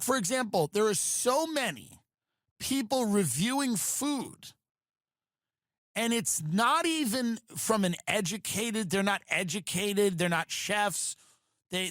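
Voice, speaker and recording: A man's voice: high voice, fairly bright tone, no echo, studio quality. A man hosting a podcast, delivering a comedic monologue in a sardonic, ranting way with mocking asides. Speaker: podcast host.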